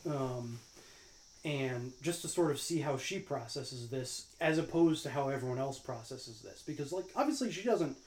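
A man's voice: medium pitch, animated, moderate pace, darkish tone, reverberant, low-quality recording. A man co-hosting a podcast, chatting casually about a film with lots of fillers and restarts. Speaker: podcast co-host.

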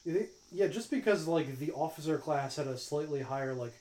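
A man's voice: a little high, expressive, normal speed, a little mellow, reverberant, poor audio. A man co-hosting a podcast, chatting casually about a film with lots of fillers and restarts. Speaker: podcast co-host.

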